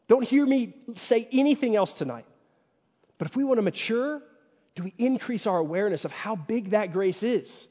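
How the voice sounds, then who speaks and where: A man's voice: high-pitched, expressive, normal speed, breathy edge. A man preaching a sermon in a conversational way. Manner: conversational, acts out quoted inner voices. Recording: dull lo-fi sound with long hall reverb.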